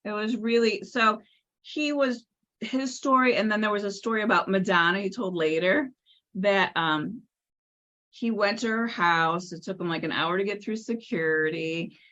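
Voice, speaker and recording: A woman's voice: mid-range voice, normal speed, muffled recording. A middle-aged woman, a salon spa owner and author, telling stories in an interview and acting out the voices of the people in them. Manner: lively, acts out quoted voices. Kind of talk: animated storytelling in a podcast interview.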